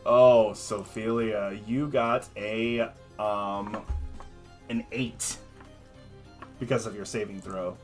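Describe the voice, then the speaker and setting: A man narrating as game master in a relaxed way, with many fillers and chuckles. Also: on the low side, slow, soft background music.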